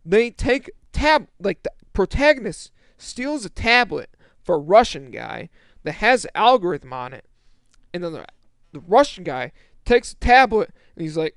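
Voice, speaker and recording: A young male movie reviewer delivers a casual, exasperated rant about a film, swearing and restarting sentences as he rambles. His voice is high-pitched, very animated and fairly bright, yet unhurried. The studio-quality recording is dry.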